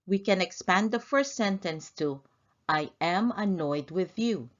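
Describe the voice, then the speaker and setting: A woman teaching vocabulary in a scripted language lesson, pronouncing each word slowly and deliberately. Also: mid-range voice, animated, lo-fi sound. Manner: slow, deliberate, clear enunciation of vocabulary.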